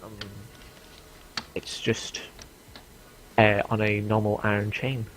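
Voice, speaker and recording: A man narrating as game master for a tabletop game, with halting, um-filled delivery. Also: fairly low pitch, completely flat delivery, a bit bright, a little hiss or hum, low-quality recording.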